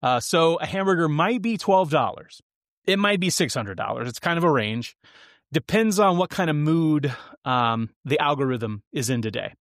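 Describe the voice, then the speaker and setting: A man's voice: a little high, expressive, moderate pace, fairly bright tone, dry recording, studio quality. A man voicing a smug, breezy restaurant waiter who talks in a mock-helpful way.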